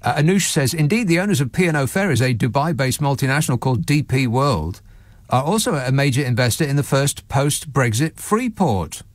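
A man hosting a late-night radio phone-in, delivering a sarcastic, mocking monologue with lively asides. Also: medium pitch, fairly quick, dry recording. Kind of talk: sardonic talk radio monologue.

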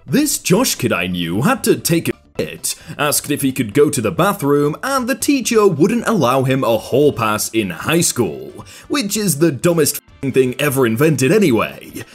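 A man's voice: mid-range voice, unhurried, husky, faint music behind. A man hosting a comedy channel, reading out funny posts and reacting with frequent laughter in a casual commentary style. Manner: laughs often, lively voice. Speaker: YouTube host reading Reddit posts.

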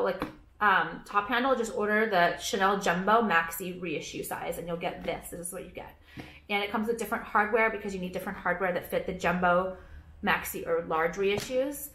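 A young vlogger and small business owner rattles through a casual haul video in a bright, forceful, mid-range voice at a moderate pace. She swears freely and piles on filler words, her brash, rambling chatter echoing around the room. A bit of hiss or hum is audible.

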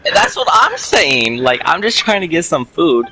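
A man's voice: a little high, sing-song, moderate pace, a loud crowd, poor audio. A man telling a casual story to friends, full of "like" fillers. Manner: chatty, filler-heavy with "like".

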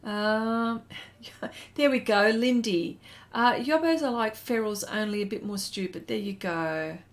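A woman's voice: medium pitch, unhurried. An Australian woman hosting an art live stream, chatting casually and reading viewer comments aloud as she draws.

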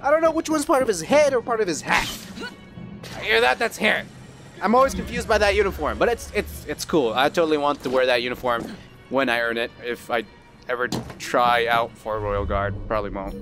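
Here a video game let's player talks a little fast with lively intonation and a fairly bright tone. He keeps the commentary casual and profane, clowning around in silly high put-on voices while soft music plays underneath.

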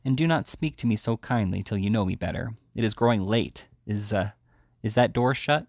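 A man's voice: on the low side, normal speed, gravelly, darkish tone, dry recording, clean studio sound. A man voicing a desperate, ashamed young woman thief, pleading and urgent.

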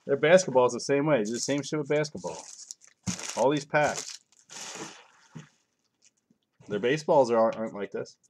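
A middle-aged man's mid-range voice moves a little fast as he reads out cards on a live card break. He jokes casually and offhandedly with his viewers. The background is noisy.

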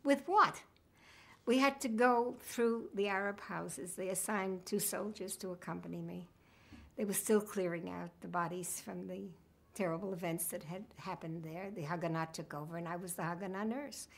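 A woman's voice: on the low side, moderate pace, creaky, a bit bright. A woman, reminiscing in an oral history interview with a wry sense of humor. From United States.

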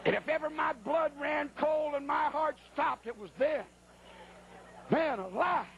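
Very high-voiced folksy preacher man. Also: moderate pace, vocal fry, a little hiss or hum. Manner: colloquial, animated, acts out sounds and voices. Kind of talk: folksy storytelling sermon.

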